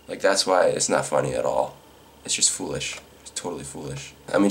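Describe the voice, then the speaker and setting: A man giving casual, rambling commentary on news stories, irritated and quick to chuckle. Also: sits low, vocal fry, fairly bright tone.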